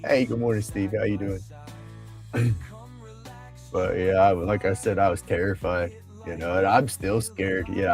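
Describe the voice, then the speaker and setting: A man's voice: fairly low pitch, darkish tone. A middle-aged man, chatting casually on a livestream, rambling and laughing often. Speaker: livestream host. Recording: faint music behind.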